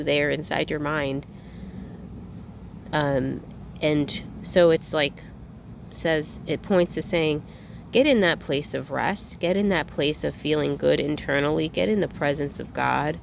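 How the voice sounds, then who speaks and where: Gravelly woman musing on spiritual rest. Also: deep voice, a little mellow, slight background noise. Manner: meandering, repeats herself, restarts phrases; earnest, occasionally blunt and profane. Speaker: spiritual vlogger. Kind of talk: unscripted spiritual reflection.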